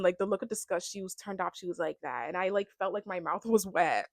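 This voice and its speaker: A woman's voice: mid-range voice, a little fast, hardly any pauses, no echo, clean studio sound. A young woman giving a casual, rambling recap of a reality show, filling her talk with "like" and "you know.". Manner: chatty, rambling, heavy use of "like". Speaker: reality TV reaction vlogger.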